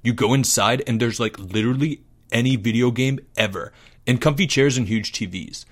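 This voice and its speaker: A boastful fifth-grade boy, as a male storyteller plays him, full of swagger and quick to whine when he doesn't get his way. The voice stays close to the reader's own, with a middling pitch. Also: lightly acted. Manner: boastful, whiny when crossed.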